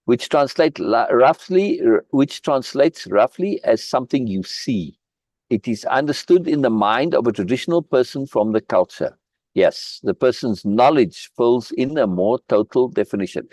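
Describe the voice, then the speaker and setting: A man's voice: medium pitch, animated, normal speed, darkish tone, dry recording. A man leading a live online book reading group, commenting in an emphatic way, often repeating words and restarting his phrases. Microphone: video call.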